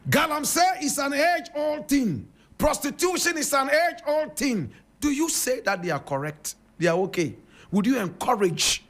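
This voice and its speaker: Speaking at an extremely high pitch with lively intonation, this Ghanaian-accented radio commentator preaches emphatically and passionately, firing off rhetorical questions. His pace is normal and his tone a bit bright.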